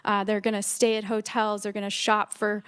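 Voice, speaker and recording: A woman with a Midwest American accent, a state official explaining a project to a legislative committee in a measured way. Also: medium pitch, completely flat delivery, fairly bright tone, smooth. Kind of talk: formal testimony answering questions. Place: legislative hearing room.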